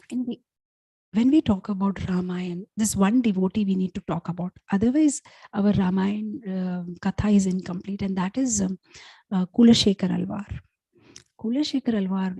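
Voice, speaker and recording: A woman leads a devotional class, retelling sacred stories with lively, chatty energy and plenty of fillers. Her voice sits a little high and sounds warm and softly breathy. The recording is close and dry. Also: no echo, poor audio. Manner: animated storytelling with acted voices; loose, chatty phrasing with many fillers. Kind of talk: devotional storytelling talk.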